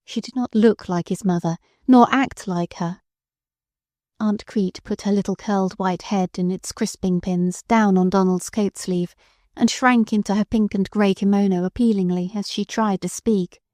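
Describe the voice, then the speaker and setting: A woman narrating an audiobook with expressive storytelling. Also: mid-range voice, moderate pace, no echo, studio quality. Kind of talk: scripted narration.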